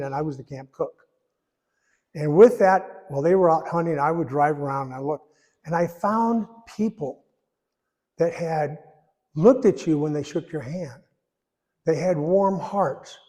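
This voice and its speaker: A man's voice: fairly high pitch, mellow. Older man telling a folksy testimony. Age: 80s. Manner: rambling, folksy storytelling with emotional pauses. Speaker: church member giving testimony. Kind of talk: personal testimony. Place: church sanctuary. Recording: echoey church hall.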